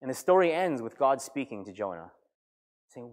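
A man, a pastor, preaching a sermon with animated storytelling and acted-out voices. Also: mid-range voice, normal speed. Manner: animated storytelling, acting out characters.

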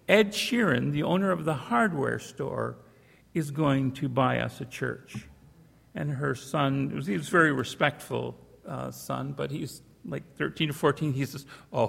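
A man's voice: medium pitch, creaky, breathy edge, big-room sound. A man preaching a sermon, telling a folksy story with frequent restarts, in a church. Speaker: pastor.

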